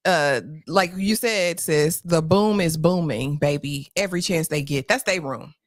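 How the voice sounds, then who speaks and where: A lower-voiced woman talks close to a dry mic, hosting a casual recap of a reality show. She tells it in a slangy, animated way. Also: measured pace, no echo. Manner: animated, chatty, slangy storytelling. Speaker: host.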